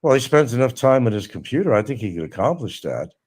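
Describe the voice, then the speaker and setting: A man's voice: medium pitch, sing-song, fast, a little mellow, breathy edge. A middle-aged man hosting a live stream, talking casually and mocking someone with sarcasm. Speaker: livestream host. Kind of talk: casual livestream monologue.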